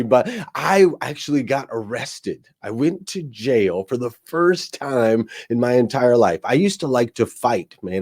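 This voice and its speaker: A guest speaker tells a personal story with energy, frequently calling people "man." His voice is medium in pitch with a darkish tone, in a storytelling style of talk.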